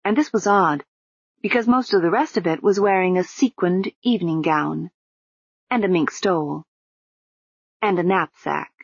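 A woman with a low, husky voice narrating an audiobook in an even, measured way. The recording is dry and close, with a slightly dull, lo-fi sound. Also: dry recording.

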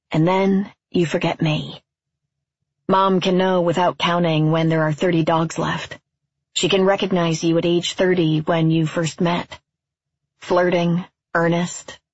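A woman reading a literary story aloud as narrator, in a quiet, measured, wistful way, on a dull, dry recording. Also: lowish voice, slightly rough, no room sound.

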